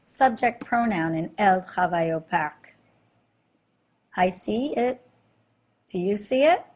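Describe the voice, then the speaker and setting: A woman teaching a slide-based language lesson, explaining slowly and clearly and quizzing the listener with questions. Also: medium pitch. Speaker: French teacher.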